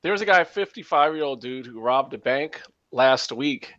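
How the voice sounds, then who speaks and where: A man's voice: mid-range voice, lively intonation, moderate pace, fairly bright tone, no room sound, lo-fi sound. A man hosting a podcast in casual chat, telling a story in a laid-back way and chuckling. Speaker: podcast host.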